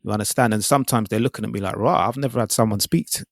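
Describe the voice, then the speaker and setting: A man with a low voice speaks earnestly on a podcast, measured and checking in with the others. The recording is dry and close. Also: dry recording. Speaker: podcast co-host. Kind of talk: casual chat.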